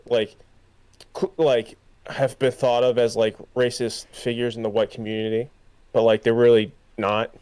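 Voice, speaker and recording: A man's voice: medium pitch, a little mellow, clear, resonant tone. A young man co-hosting a podcast, talking in a loose, rambling way with many fillers and restarts. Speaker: podcast co-host. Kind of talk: casual chat.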